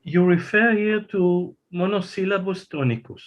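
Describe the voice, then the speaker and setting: A man's voice: high-pitched, moderate pace, muffled recording. A man, a student in an online class, asking the teacher a hesitant question.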